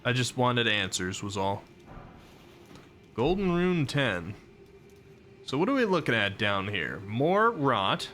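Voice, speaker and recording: A man's voice: medium pitch, big pitch swings, takes it slowly, pauses often, a bit bright, a little hiss or hum. A man streaming a game live, chatting casually, reacting aloud to what happens and answering his chat. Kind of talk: live gameplay commentary.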